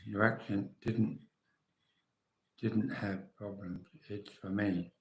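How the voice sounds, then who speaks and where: An older man from England hosts a casual livestream, chatting and answering viewers' comments by name. His lowish voice is slow, and the sound is roomy.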